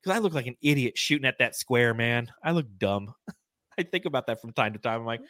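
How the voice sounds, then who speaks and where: With a mid-range voice and a fairly quick delivery, this California co-host of a casual sports podcast shares animated stories and laughs often. It's a dry recording.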